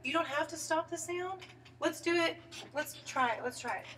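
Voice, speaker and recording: A woman's voice: extremely high pitch, moderate pace, pushed and bright, a little hiss or hum. A woman teaching a singing lesson, coaching a student and singing phrases to show how they go. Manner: coaching, demonstrating sung phrases. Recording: distant mic with piano.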